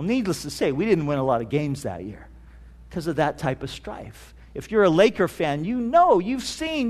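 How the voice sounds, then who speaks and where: High-voiced man preaching a sermon. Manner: storytelling with many restarts and fillers; slows down to stress key phrases. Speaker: pastor.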